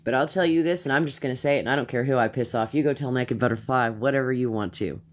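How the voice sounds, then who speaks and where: A woman's voice: very deep voice, quick pace. A woman streaming a heated live rant, blunt and profane, who repeats herself as she gets worked up.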